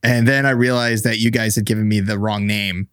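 A lower-voiced man co-hosting a podcast, with a dry, close sound. He talks hesitantly over a remote call and fills the gaps with fillers. His sentences often trail off. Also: steady tone, fairly quick, a bit bright, clear, resonant tone, dry recording. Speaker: podcast co-host. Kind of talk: casual chat.

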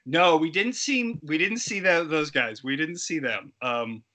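A middle-aged man, a guest actor, telling lively stories in a casual interview and acting out the people he quotes. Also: fairly high pitch, measured pace. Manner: animated, acts out quoted voices. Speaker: guest actor and effects artist.

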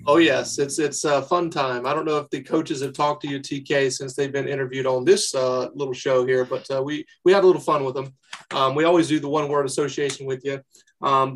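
A man co-hosting a fan podcast, asking playful, upbeat quick-fire questions. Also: a little high. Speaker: podcast co-host. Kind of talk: casual interview chat.

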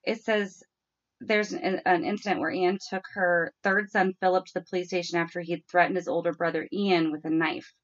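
Chatty lower-voiced mom on a podcast. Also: female voice, flat delivery, brisk. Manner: chatty storyteller, mimics her kids. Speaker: podcast co-host. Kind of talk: casual chat. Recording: dull lo-fi podcast audio.

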